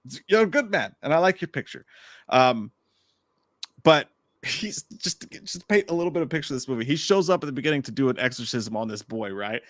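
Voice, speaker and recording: Profane, animated man hosting a live stream. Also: mid-range voice, brisk, no echo, clean studio sound. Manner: profane, animated ranting with jokey asides. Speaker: host. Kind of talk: casual live-stream chat.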